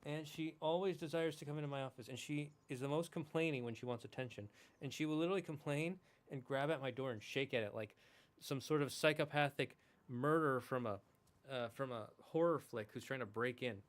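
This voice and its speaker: Male streamer, mid-pitched voice, relaxed rambling chat, affectionate tone. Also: brisk. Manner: chatty, rambling, affectionate with his cat. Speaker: gaming streamer. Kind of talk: casual chat.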